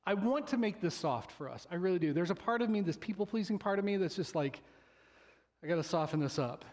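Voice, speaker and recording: In a church sanctuary, a male pastor preaches a loose, conversational sermon, joking with the congregation and acting out the voices he quotes. He speaks fast and expressively, with a high-pitched, darkish voice.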